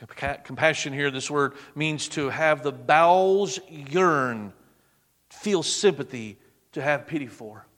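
High-voiced preacher in a reverberant hall. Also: male voice, slow. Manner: dramatic, drops to a hush on quotes. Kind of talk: sermon.

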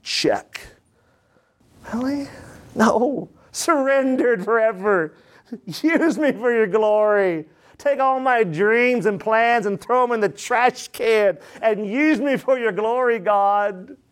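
High-voiced, fervent male preacher. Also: slow pace. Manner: energetic, emphatic preaching with call-and-response. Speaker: pastor. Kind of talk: sermon. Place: church.

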